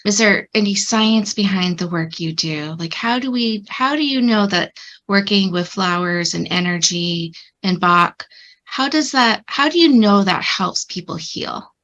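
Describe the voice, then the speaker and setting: A woman's voice: medium pitch, lively intonation, unhurried, fairly bright tone, lo-fi sound. A middle-aged woman hosting a therapy podcast, upbeat and direct with her guest. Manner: upbeat, apologetic laughter, direct questions. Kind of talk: casual interview chat.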